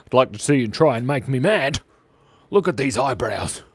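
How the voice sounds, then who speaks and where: Chatty, laughing livestream host. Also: male voice, mid-range voice, sing-song, slow pace, pauses often, husky, dry recording. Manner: joking, rambling, often laughs. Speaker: channel host and animator. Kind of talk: casual livestream chat while drawing.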